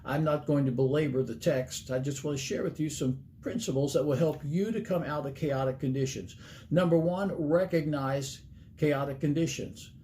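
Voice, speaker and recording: A man's voice: a little high, moderate pace, dark tone, slight background noise. A middle-aged man preaching a sermon as a pastor, earnest and plain-spoken, laying out numbered points and folksy stories.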